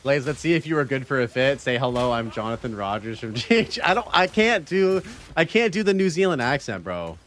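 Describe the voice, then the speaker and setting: A man's voice: medium pitch, sing-song, brisk, hardly any pauses, fairly bright tone. A man streaming a game, casually chatting with his viewers in a laid-back, rambling way. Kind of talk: casual gaming stream chat.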